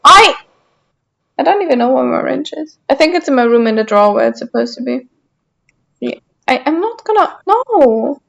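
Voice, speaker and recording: High-voiced young woman bantering on stream. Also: expressive, fairly quick, creaky, a little mellow, no echo, highs cut off. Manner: teasing, bantering, mock-indignant. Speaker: game streamer. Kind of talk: casual live-stream chat with viewers.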